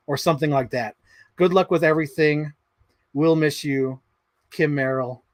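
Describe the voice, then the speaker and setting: A man in his thirties hosts a livestream, reading his yearbook signings aloud while laughing, swearing and drifting off on tangents, a little out of breath. His voice is fairly high and moderately paced, with long pauses, and the recording is dry.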